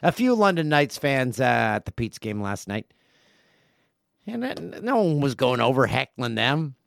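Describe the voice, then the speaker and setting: A man in his forties hosts a casual solo podcast and reads listener emails aloud, breaking off for jokey asides. His voice sits at an ordinary pitch. It is recorded close and dry, with no room sound. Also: sing-song, unhurried, gravelly, no room sound. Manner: chatty, jokey asides while reading mail. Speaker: podcast host.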